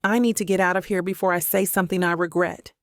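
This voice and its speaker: A woman's voice: lowish voice, steady tone, fast, no room sound, clean studio sound, close to an everyday voice. Woman voicing a sarcastic Southern romance author. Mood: angry. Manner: sarcastic, clipped retorts. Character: sharp-tongued young woman romance author.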